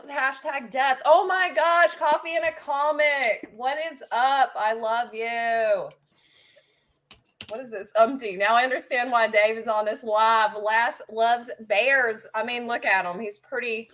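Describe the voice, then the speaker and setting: Female stream host, bubbly and excitable, a touch higher than most. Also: unhurried. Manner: bubbly and excitable, swings loud and soft. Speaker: livestream host. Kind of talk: casual livestream chat.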